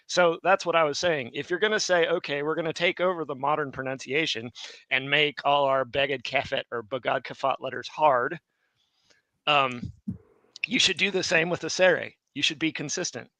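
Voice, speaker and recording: A man's voice: a little high, pushed and bright, no room sound, rough recording. A man co-hosting a class, chiming in with insistent corrections. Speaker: co-host of class. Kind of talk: casual classroom discussion.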